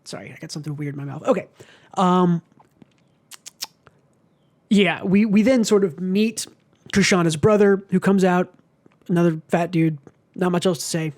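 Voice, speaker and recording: Podcast co-host, mid-pitched voice, loose rambling delivery, casual book club talk. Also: moderate pace, pauses often, a little mellow. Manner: rambling with many fillers, swears freely.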